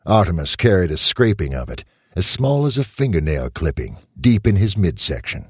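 Deep husky male story narrator. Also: normal speed, dry recording, clean studio sound. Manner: expressive storytelling. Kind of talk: audiobook narration.

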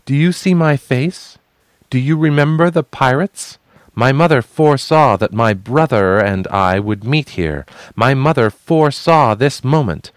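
A man voicing a winged young woman who speaks boldly and defiantly, in a high, strained voice. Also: animated, a little slow, few pauses, dry recording, natural voice. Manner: bold, commanding, pleading.

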